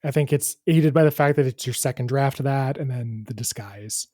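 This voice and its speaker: A man narrating as dungeon master of a tabletop game, describing scenes in a measured way. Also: mid-range voice, a little mellow, no echo, studio quality.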